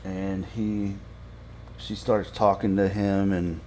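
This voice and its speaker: A man casually recapping a TV episode for a podcast, halting with frequent fillers and restarts. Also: sits low, flat delivery, a little mellow, slight background noise. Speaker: podcast reviewer.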